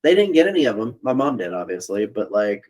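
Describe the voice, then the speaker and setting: Animated man telling a story. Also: on the low side, fairly quick. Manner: animated, laughs often while telling a story. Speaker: podcast co-host. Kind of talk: casual storytelling chat. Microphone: remote call mic.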